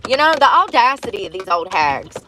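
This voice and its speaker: A woman's voice: medium pitch, big pitch swings, brisk, pushed and bright, slight background noise, rough recording. A woman chatting bluntly on a livestream, laughing often and acting out quotes from a movie. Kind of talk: casual chat.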